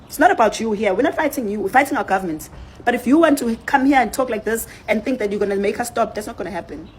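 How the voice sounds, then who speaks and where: A woman's voice: on the high side, lively intonation, fast talker, background noise. A woman delivering an impassioned, accusatory rant, repeating points for emphasis. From South Africa.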